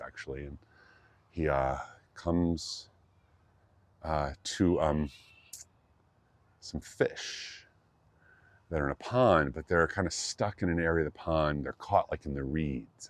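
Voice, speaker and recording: A man's voice: rumbling low, no room sound. A man, a qigong teacher, telling a fairy tale loosely and jokingly, with lots of fillers. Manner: rambling, jokey, many fillers. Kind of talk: loose casual storytelling.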